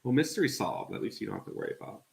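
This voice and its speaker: A man's voice: deep voice, huge pitch swings, racing, gravelly, reverberant. A man co-hosting a live cooking stream, chatting casually and walking through each step as he cooks in a home kitchen. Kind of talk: casual chat while cooking.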